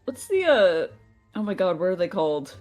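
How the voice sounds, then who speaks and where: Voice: mid-range voice, big pitch swings, moderate pace, darkish tone. A co-host joining a casual stream in a mid-range voice, teasing the host dryly. Faint music sits underneath. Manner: teasing, dry.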